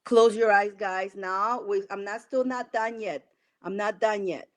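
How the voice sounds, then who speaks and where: A woman's voice: medium pitch, a little slow. A woman acting as a spiritual coach on a live stream, repeating instructions and guiding listeners through affirmations. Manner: repetitive, coaxing instructions.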